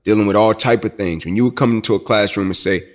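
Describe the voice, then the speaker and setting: A man from Atlanta tells his story in an interview. He speaks emphatically, like a preacher, and builds to loud, rising climaxes. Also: on the low side, fast talker. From Atlanta, USA. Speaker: guest, former student.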